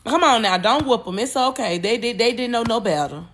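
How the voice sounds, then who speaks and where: A woman voicing an elderly grandmother who gently coaxes and pleads to calm her husband. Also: fairly high pitch, slight background noise. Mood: soothing. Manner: gentle coaxing, drawn-out pleading. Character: protective elderly grandmother, soothing and fierce.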